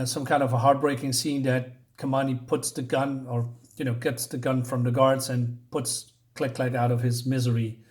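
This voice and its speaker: Guy flipping thru a comic and talking it over, keeps hunting for words, mid-pitch voice. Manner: halting, searches for words, many fillers. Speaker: comic book reviewer. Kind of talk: casual comic review, paging through an issue.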